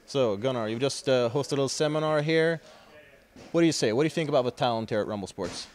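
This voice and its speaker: A man's voice: medium pitch, fast. A man in a middle voice interviews a fighter in a gym. He is chatty and asks long, winding questions. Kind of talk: casual sports interview. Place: sports gym.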